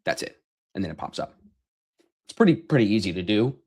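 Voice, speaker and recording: Male stream host, lowish voice, loose and profane, casual chat over a computer mic. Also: sing-song, fairly quick, a little mellow, husky. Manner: loose, joking, swears casually.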